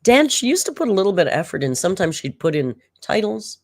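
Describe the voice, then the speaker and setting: An exasperated, sarcastic reaction commentator talking casually over old footage. The voice sits in a middle pitch, and the delivery is loose and conversational. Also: very animated, quick pace, no echo, clean studio sound. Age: older than the clip's audience.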